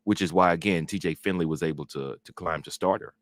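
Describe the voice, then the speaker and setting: A man's voice: low-pitched, fast, no echo. A man co-hosting a casual sports chat show, making his points with earnest emphasis. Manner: emphatic, earnest opinion-giving. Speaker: co-host.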